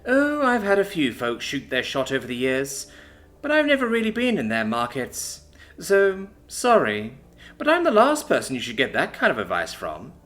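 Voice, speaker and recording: A man's voice: mid-range voice, wildly swooping pitch, normal speed, a bit bright, faint music behind, pitched above the performer's own voice. A man voicing a seasoned female soldier, matter-of-fact and wry, sometimes stern. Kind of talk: audiobook character voice.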